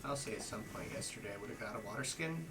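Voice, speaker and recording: A man's voice: fairly low pitch, expressive, fast. A man playing a tabletop game, chatting in a dry, offhand way, with music behind him. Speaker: player. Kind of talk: casual tabletop chat.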